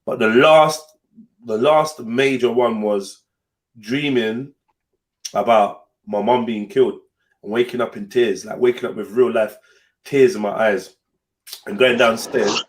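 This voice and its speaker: A young man speaks at medium pitch and a measured pace, pausing often. As a podcast host, he tells a personal story in an animated, casual way, swearing freely and acting out the voices of the people involved.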